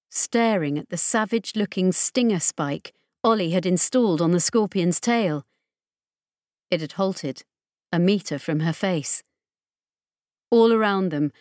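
A woman narrating an audiobook in a measured, dramatic reading. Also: fairly low pitch, no room sound, clean studio sound. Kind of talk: scripted narration.

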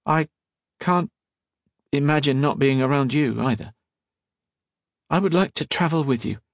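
A man voicing an earnest, shy young man who speaks in a hesitant, halting way. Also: a little high, no room sound, voice pushed up.

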